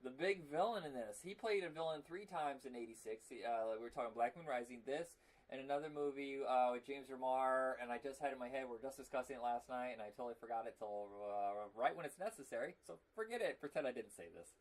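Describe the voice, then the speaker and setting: A man's voice: mid-range voice, quick pace. A man co-hosting a movie podcast, chatting casually and laughing often. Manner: chatty, laughs often, breaks into silly impressions. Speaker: podcast co-host.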